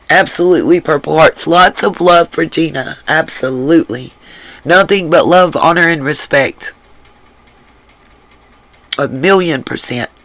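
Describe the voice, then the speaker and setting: A woman hosting a casual livestream and reading the chat aloud, drained, her voice rough from crying, earnest and emphatic and given to repeating herself. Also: deep voice, a bit bright, no echo, rough recording. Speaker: livestream host.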